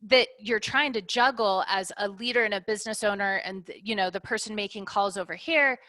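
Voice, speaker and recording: A woman's voice: mid-range voice, fairly quick, sharp tone, no echo. A middle-aged woman business owner, talking candidly in an interview and working through her points with analogies, often ending them with "right?". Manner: reflective, uses analogies, ends points with "right?".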